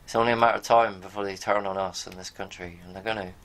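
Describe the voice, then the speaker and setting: Blunt man with a lowish voice. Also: fairly even intonation, quick pace, a bit bright. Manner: rambling, blunt, swears, talks straight to viewers. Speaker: video host. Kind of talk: casual commentary while reading from pages on screen.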